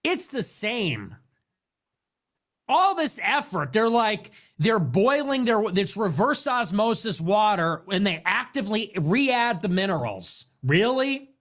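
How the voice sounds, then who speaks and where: A man with a high voice delivers a comedic rant, swooping up and down as he grows exasperated. His delivery is sarcastic and full of profanity. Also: very animated, takes it slowly, fairly bright tone. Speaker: podcast host. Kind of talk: comedic ranting monologue.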